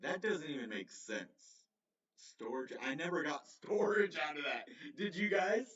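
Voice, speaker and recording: A man's voice: on the high side, lively intonation, unhurried, fairly bright tone. A man hosting a casual crypto livestream, rambling and correcting himself, with frequent chuckles. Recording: roomy, distant, slightly dull mic.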